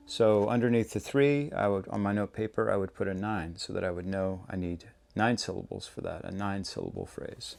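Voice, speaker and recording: A man hosting a songwriting lesson, explaining step by step in a relaxed, conversational way. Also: low-pitched, normal speed, gravelly, few pauses, soft background music. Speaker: songwriting teacher, show host. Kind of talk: casual instructional talk.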